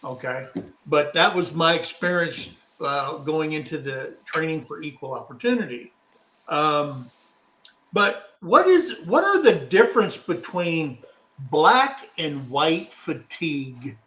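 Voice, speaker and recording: A man's voice: fairly high pitch, big pitch swings, slow pace, pushed and bright. A middle-aged man co-hosting a casual live talk show, telling a rambling anecdote and acting out what people said. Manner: rambling anecdotal, acts out quotes. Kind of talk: casual storytelling chat. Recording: echoey room.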